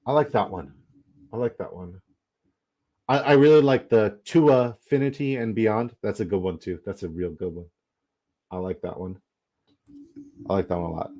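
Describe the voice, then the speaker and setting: Young male streamer, lowish voice, casual excitable commentary, salty language. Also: normal speed, long pauses. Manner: excitable, rambling, profane. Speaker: livestream host.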